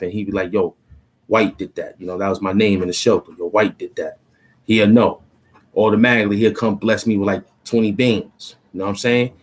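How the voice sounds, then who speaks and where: A man's voice: lowish voice, low-quality recording. A man, a rapper, talking in a loose, rambling monologue full of street slang and "you know what I'm saying", in a small cramped room.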